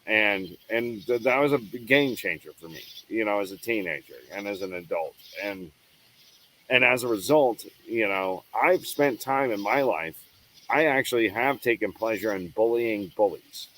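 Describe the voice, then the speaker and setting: A man's voice: on the low side, animated, moderate pace, fairly bright tone, a little hiss or hum, rough recording. A man hosting his own show, giving a heated, profane, unscripted monologue with hard emphasis and frequent restarts. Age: adult. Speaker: show host.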